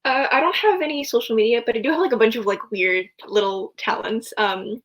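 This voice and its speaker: A woman's voice: on the high side, a little fast, fairly bright tone. A young woman guest on a video podcast, answering casually and hesitantly with many ums. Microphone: video call.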